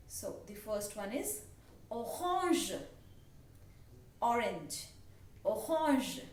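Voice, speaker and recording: A woman with an Indian English accent, teaching a language lesson slowly and patiently and repeating each word for her learners. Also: a little high. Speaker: French teacher. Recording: echoey room, voice a bit distant, faint background hiss.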